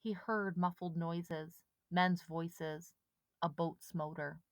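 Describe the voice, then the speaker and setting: A woman reading a children's storybook aloud with steady, dramatic pacing. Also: on the low side, slow pace, no room sound. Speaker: audiobook reader. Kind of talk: storybook narration.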